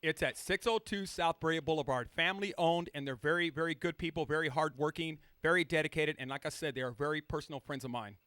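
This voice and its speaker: A man's voice: fairly high pitch, quick pace, few pauses, pushed and bright, clear, resonant tone, dry recording, clean studio sound. A man co-hosting a casual talk radio show, rambling and repeating himself as he chats. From Southern California. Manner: rambling, repeats himself, talks with his mouth full. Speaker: co-host.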